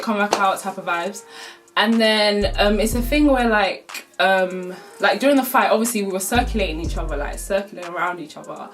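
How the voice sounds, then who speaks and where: A young woman telling a casual storytime, full of slang and swearing, with laughs through the telling. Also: medium pitch. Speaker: vlogger.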